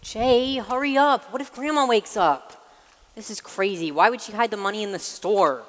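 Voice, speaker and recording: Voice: medium pitch, moderate pace, a bit bright, close to an everyday voice. A teenage student acting in a school play as a nervous, dry-witted younger boy. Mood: wary. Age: teens. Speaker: student actor. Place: school auditorium stage. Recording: echoey hall from a room mic with faint noise.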